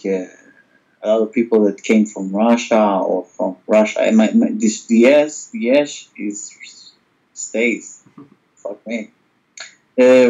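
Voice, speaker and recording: Slow, mellow man with Israeli accent. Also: on the low side, muffled recording. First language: Hebrew. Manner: hesitant, fillers, searches for words.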